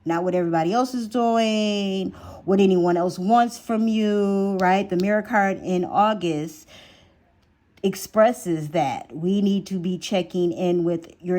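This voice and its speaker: This woman reads tarot in a casual, talkative manner, going back over her phrases for emphasis and lowering her voice to a whisper when drawing cards. Her voice is medium-pitched and warm, moving at a moderate pace.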